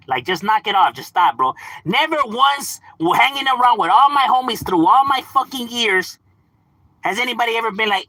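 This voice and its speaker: Streamer, male, high husky voice with a lot of lilt, profane laughing rant. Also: very animated, measured pace, sharp tone, no echo. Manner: profane, slangy, laughing, mock-exasperated. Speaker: game streamer. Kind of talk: casual live-stream rant.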